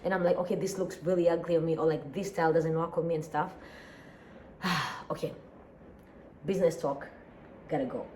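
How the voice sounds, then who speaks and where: Woman, East African accent, sleepy casual vlog chat, low warm voice, faint room hum. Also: a little fast, pauses often. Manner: relaxed, rambling, sighs and laughs often. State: sleepy and tired. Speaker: daily vlogger.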